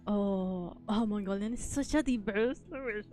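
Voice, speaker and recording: A woman whose first language is Spanish, chatting casually as a streamer host in a soft, giggly way. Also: mid-range voice, moderate pace, soft background music. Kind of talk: casual chat.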